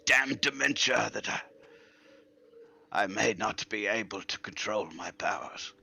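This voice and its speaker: A man's voice: fairly low pitch, unhurried, gravelly, bright, forceful tone, slightly rough, pitched above the performer's own voice, exaggerated voice. A man voicing a frail, senile old male wizard who rambles, trails off and sometimes whispers. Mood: earnest, apologetic.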